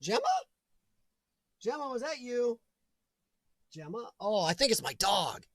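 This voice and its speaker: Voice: medium pitch, sing-song, measured pace. A chatty host running a casual livestream from home, often breaking into laughter while greeting viewers by name. The voice sits mid-range and sounds dry and close, with no room echo.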